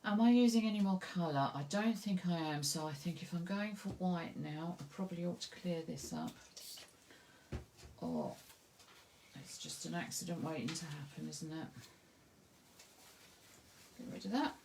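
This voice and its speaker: A woman with an Essex accent leads a live painting lesson, chatting and joking at her own expense as she works. Her voice sits low with a gravelly edge. A faint hiss runs under the recording. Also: normal speed, pauses often, dark tone. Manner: chatty, self-deprecating, thinks aloud while working. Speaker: craft tutor.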